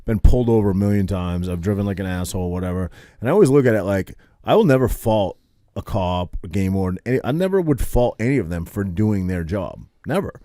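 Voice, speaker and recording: A man's voice: lowish voice, expressive, fast talker, warm tone, no echo, clean studio sound. A man co-hosting a podcast in casual chat, arguing his point bluntly and swearing. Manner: blunt, argumentative, swears, trails off with fillers. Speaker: podcast co-host.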